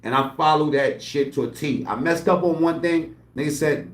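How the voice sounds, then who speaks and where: A man's voice: fairly high pitch, moderate pace, hardly any pauses. A man talking loosely and streetwise in a rambling home vlog, swearing often and drifting between asides. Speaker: channel host. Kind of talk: casual rambling vlog talk. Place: at home, indoors. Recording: echoey room.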